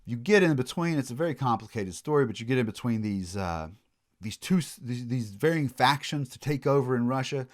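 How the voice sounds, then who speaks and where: Guy lecturing history, lively up and down voice, chatty asides and restarts. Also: mid-range voice, fairly quick. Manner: animated storytelling with asides and restarts. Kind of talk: recorded college lecture.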